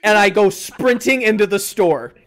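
A man's voice: high voice, normal speed. A young man hosting a podcast and telling a story among friends, swearing freely and acting out the other people's voices. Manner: animated, swears freely, acts out quoted voices. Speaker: podcast host.

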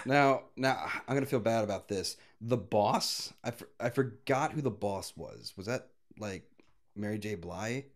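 A man's voice: lowish voice, measured pace. A man co-hosting a casual movie review podcast, chiming in with wry, dry remarks. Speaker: podcast co-host.

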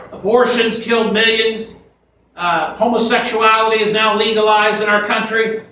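A pastor with a high-pitched, pushed, bright voice preaches a fiery sermon to his congregation, folksy and emphatic as he quotes scripture. The recording is echoey, taken from a distance in the church sanctuary.

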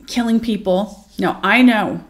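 A woman hosting her own channel, reading an ancient epic aloud in a measured, solemn way, then musing about it in casual commentary. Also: mid-range voice. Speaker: channel host.

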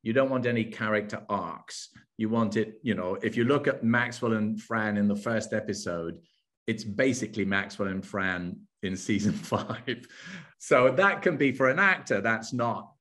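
A man with a London English accent, speaking as an actor guest in a relaxed interview, with fillers and restarts. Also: fairly low pitch, moderate pace. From England. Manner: conversational, with frequent fillers and restarts. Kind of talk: interview chat.

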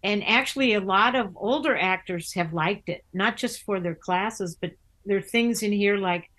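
In a casual interview, an older woman who acts in theatre and writes books tells chatty stories, restarting often and mimicking other voices. Her mid-range voice moves at a normal speed and has a fairly bright tone.

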